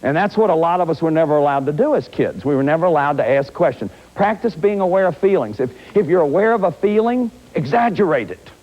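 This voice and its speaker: Talking fast with few pauses, this man's voice is on the high side. He's a therapist and lecturer in his 50s delivering a self-help lecture, animatedly acting out examples and frequently restarting sentences, captured on a dull lo-fi recording.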